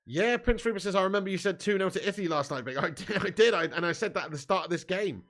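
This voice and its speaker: A chatty man hosts a live football watch-along with a slightly high voice. He reads viewer comments aloud, teases the people who sent them and breaks into laughter often. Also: expressive, fast, a bit bright. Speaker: live stream host.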